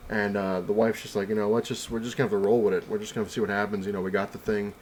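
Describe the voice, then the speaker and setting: Brief: young man, low voice, quick rambling home-vlog storyteller, faint room hiss. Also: flat delivery, darkish tone, rough recording. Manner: rambling, many fillers and restarts. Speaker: vlogger. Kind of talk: casual storytelling.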